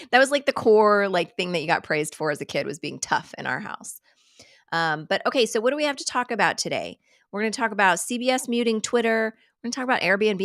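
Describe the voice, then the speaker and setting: A woman's voice: medium pitch, expressive, a little fast, a bit bright, no echo, studio quality. A woman hosting a casual live coffee chat, rambling and self-deprecating, joking and laughing often.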